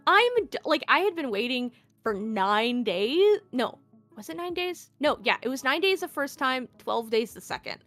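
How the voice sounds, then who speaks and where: A woman with a high voice, casual chat, lively storytelling full of fillers and restarts, faint music underneath. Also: a little slow. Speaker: interview guest, VTuber. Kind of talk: casual conversational retelling.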